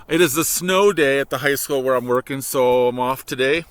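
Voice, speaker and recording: A man's voice: medium pitch, normal speed, no room sound, poor audio. A man with a Michigan accent chatting casually while walking on a frozen lake, rambling and correcting himself as he goes. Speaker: vlogger, high school worker. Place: outdoors on a frozen snowy lake. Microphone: laptop held while walking.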